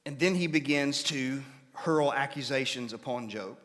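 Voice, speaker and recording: A man of middle pitch gives a conversational sermon, explaining each point patiently. He stops now and then to ask his listeners whether they follow. His voice carries the long reverb of a church hall. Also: normal speed, hardly any pauses, a bit bright. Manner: explains patiently, checks in with listeners by asking questions. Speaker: preacher. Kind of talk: conversational Bible-class sermon.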